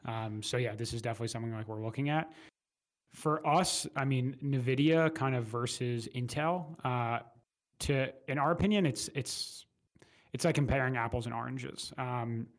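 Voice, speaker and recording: A man speaking as an investment manager guest in a casual interview, measured and hesitant. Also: medium pitch. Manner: measured, hesitant with fillers and restarts.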